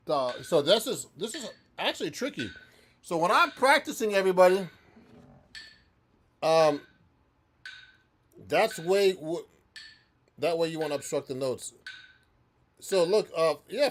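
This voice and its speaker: A man's voice: high-pitched, sing-song, a little slow, pauses often, slight background noise. A man who is a professional musician and guitar teacher, chatting loosely through a live-stream practice session and answering viewers, with frequent restarts.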